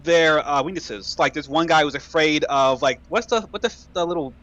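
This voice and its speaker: A man's voice: a little high, moderate pace, fairly bright tone, dull audio. A young man co-hosting a gaming podcast, talking loosely with stumbles and casual swearing. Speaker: podcast co-host. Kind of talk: casual chat.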